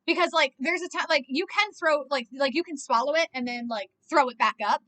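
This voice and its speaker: A woman's voice: sits high, a little fast, sharp tone. A young woman rambling through a casual movie reaction, filling her talk with "like" and swearing freely. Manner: rambling, heavy use of "like", frequent swearing.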